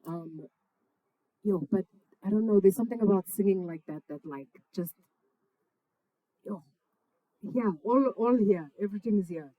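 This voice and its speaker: A woman's voice: medium pitch, moderate pace, pauses often, no echo, phone-quality sound. A young woman, a singer-songwriter, chatting casually and affectionately between songs at a live session, full of slang and swearing. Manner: laid-back, slangy, affectionate, swears freely. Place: parents' backyard, outdoors.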